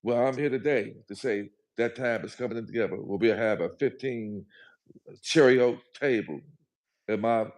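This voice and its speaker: A man's voice: on the low side, moderate pace. A man speaking as a guest on a livestream, talking in a preachy, emphatic, motivational way and repeating his phrases. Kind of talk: motivational live chat.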